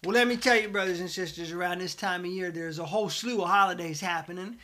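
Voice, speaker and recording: Comic host, male, middle-aged, high bright folksy preacher voice, deadpan. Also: quick pace. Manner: folksy preacher cadence, fillers and restarts. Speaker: comedic host of a satirical show. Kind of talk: deadpan satirical preacher monologue.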